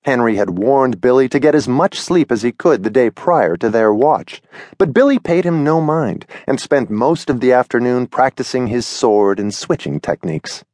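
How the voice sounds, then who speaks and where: Male storybook narrator, middle pitch, very animated reading, dry close recording. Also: normal speed, dry recording. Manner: expressive, storytelling. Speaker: audiobook narrator. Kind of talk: scripted children's story narration. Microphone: close studio mic.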